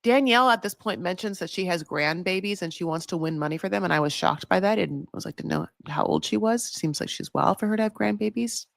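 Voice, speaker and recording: A woman's voice: on the low side, brisk, gravelly, hardly any pauses, dry recording, clean studio sound. A woman giving a casual, rambling recap of a reality show, full of "like" and "you know". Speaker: recap vlogger.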